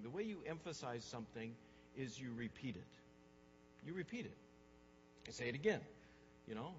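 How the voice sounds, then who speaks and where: Man, pastor, sermon, emphatic, fairly high voice, long hall echo, dull sound with faint hum. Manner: emphatic, repeats words for stress, swings from hushed to loud.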